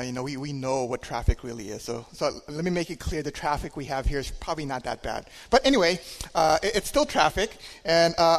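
A man speaking as a church minister at a Sunday service, telling a story in a relaxed way with hesitations and chuckles. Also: a little high. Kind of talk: sermon. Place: church sanctuary. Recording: long hall reverb.

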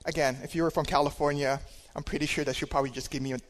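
A man speaking as a church minister at a Sunday service, telling a story in a relaxed way with hesitations and chuckles. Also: fairly high pitch, racing. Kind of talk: sermon. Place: church sanctuary. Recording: long hall reverb.

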